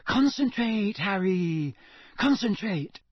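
A man's voice: sits high, expressive, normal speed, a bit bright, slightly rough, no room sound, voice pushed up, exaggerated voice. A man voicing an anxious, bossy teenage girl witch in an audiobook reading. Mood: urgent.

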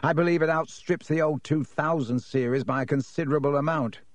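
A man's voice: a little high, fairly quick, no room sound, natural voice. A man voicing a sneering, cocky teenage team captain who talks carelessly and nastily. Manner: careless, nasty, smug.

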